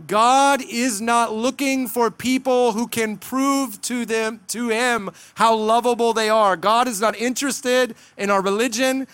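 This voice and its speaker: High-voiced man preaching a sermon. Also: fairly bright tone, smooth, no echo. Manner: earnest preaching with dramatic voiced asides. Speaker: pastor.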